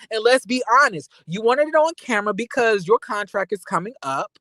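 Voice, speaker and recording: A man's voice: very high voice, moderate pace, dry recording. A man giving a casual recap of a reality TV reunion, blunt and slangy, swearing freely and addressing the cast directly. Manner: animated, blunt, profane, slangy.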